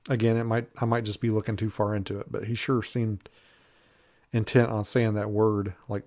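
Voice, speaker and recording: A man's voice: mid-range voice, moderate pace, darkish tone. A man in casual, rambling commentary with lots of fillers, sounding a little congested. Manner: rambling, many fillers, laughs at own jokes. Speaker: Bigfoot researcher reviewing a TV show.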